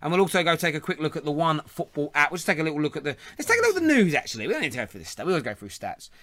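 A man's voice: a little high, sing-song, racing, bright, forceful tone. A man, hosting a show in casual, joking chat. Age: 30s. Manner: chatty, laughing banter. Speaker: host.

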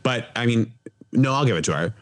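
A man's voice: mid-range voice, expressive, fairly quick, no room sound. A young man chatting casually as a podcast guest, full of filler words and restarts. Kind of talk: casual chat.

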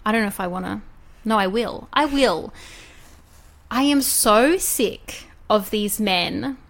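A woman's voice: mid-range voice, takes it slowly, a bit bright. A woman co-hosting a podcast, talking in a heated, outspoken way and swearing often. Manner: heated, swears, mimics politicians. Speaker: podcast co-host. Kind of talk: casual podcast chat.

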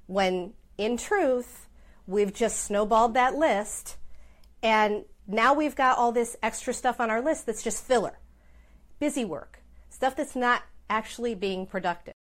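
A woman's voice: a little high, measured pace. A middle-aged woman who runs her own business and is a mother, giving chatty, self-deprecating advice in a casual vlog.

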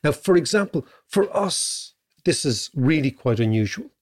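A middle-aged Irish man co-hosting a podcast in casual chat. He muses aloud and keeps checking in with a quick "right?". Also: a little high, lively intonation. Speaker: podcast co-host.

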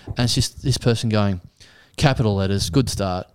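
A middle-aged comedian telling a story in casual podcast chat, animated and exasperated as he acts out his own replies. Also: on the low side, moderate pace, hardly any pauses, clean tone. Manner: exasperated, animated retelling with acted-out quotes. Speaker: comedian and guest.

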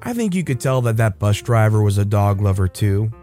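A man with a mellow, dark voice reads a story aloud as scripted narration. His telling is relaxed and easy, and he sometimes slows down for effect. Faint music plays behind him. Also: lowish voice.

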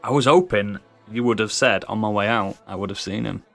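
A man's voice: lowish voice, brisk, gravelly, a bit bright, faint music behind. Sarcastic man playing a tabletop game. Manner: dry, sarcastic banter. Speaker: player. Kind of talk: tabletop role-play, playing his character.

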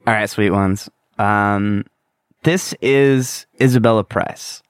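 Young guy rambling on his own podcast, swears a bit, smooth voice, dry mic. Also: fairly low pitch, slow pace, no echo. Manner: candid, rambling, swears casually. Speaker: podcast host. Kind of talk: casual solo podcast monologue.

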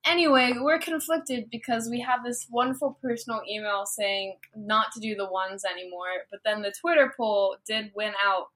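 Dry young woman, high bright voice. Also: moderate pace, few pauses, poor audio. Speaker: podcast co-host. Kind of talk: casual chat.

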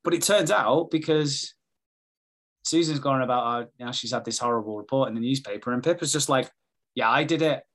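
A man's voice: mid-range voice, brisk. A man recapping a television episode in casual podcast chat, swearing often and acting out the characters' lines as he tells it. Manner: sweary, animated retelling with quoted voices. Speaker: podcast host recapping a TV show.

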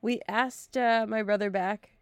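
A woman's voice: mid-range voice, steady tone, a little slow. A woman in her thirties from Wisconsin with a Wisconsin accent, co-hosting a casual podcast chat and laughing often. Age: 30s. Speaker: podcast co-host.

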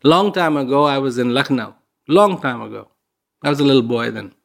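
A man's voice: medium pitch, animated, brisk, creaky. A man giving an inspirational talk, telling stories in a conversational way and repeating words for emphasis. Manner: conversational storyteller with fillers. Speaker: speaker giving a reflective talk.

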